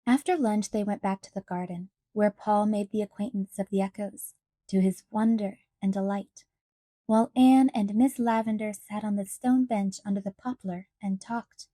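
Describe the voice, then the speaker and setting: A woman narrating an audiobook in a calm, measured storytelling manner. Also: mid-range voice, no echo, clean studio sound.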